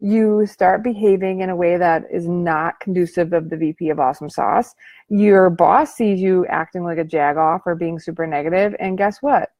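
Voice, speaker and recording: A woman's voice: fairly low pitch, normal speed, a little mellow, no room sound. A woman giving a motivational talk to the camera, casual, joking and slangy as she coaches her viewers on self-talk. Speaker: life coach.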